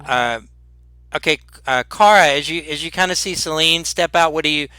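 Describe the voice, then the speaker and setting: Guy dm for a tabletop game, bright lively voice, dry close sound, keeps laughing and going uh um. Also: fairly high pitch, normal speed, clear, resonant tone, no echo. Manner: laughing often, many fillers and restarts. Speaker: dungeon master.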